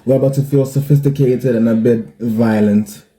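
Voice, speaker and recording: A man's voice: medium pitch, fairly even intonation, moderate pace, warm tone, slight background noise, low-quality recording. A man hosting a reaction video, talking in a drawling, hyped-up way. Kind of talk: casual reaction commentary.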